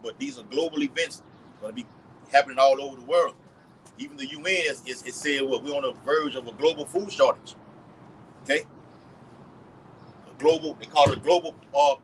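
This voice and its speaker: A man with a Southern US accent reading scripture aloud and preaching outdoors, slow and loud. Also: a little high, a little hiss or hum, rough recording. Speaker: street preacher.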